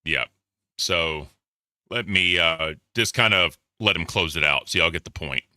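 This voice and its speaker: A man with a low but bright, forward voice hosts an opinionated commentary stream. He talks offhandedly and lets sentences trail into mutters. The sound is dry and close. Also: unhurried, no echo. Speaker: commentary host. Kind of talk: casual commentary.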